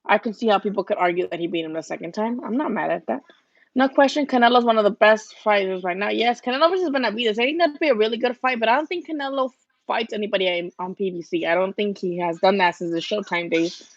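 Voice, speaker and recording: A woman's voice: medium pitch, fast talker, no echo. A woman hosting a casual boxing livestream at home, chatting bluntly, swearing now and then, and answering viewer comments. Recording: dull lo-fi home livestream audio.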